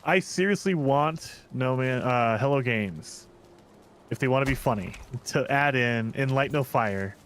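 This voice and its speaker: A man's voice: medium pitch, measured pace, fairly bright tone, a little hiss or hum. A man joining a multiplayer game stream, talking casually and laughing at his own jokes. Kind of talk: casual gaming stream chat.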